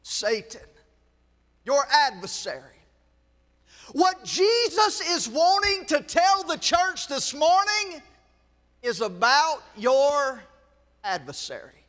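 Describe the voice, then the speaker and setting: A Southern US man preaches in a very high, bright, ringing voice, swelling into shouts and dropping into joking asides to the congregation. His sermon carries a long church-hall reverb. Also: sing-song, slow. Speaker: pastor. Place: church sanctuary.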